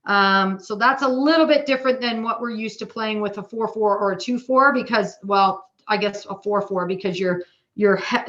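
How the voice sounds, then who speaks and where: A woman with a Canadian accent teaching a drumming workshop online, chatty and casual, counting beats out loud. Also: medium pitch, normal speed, highs cut off.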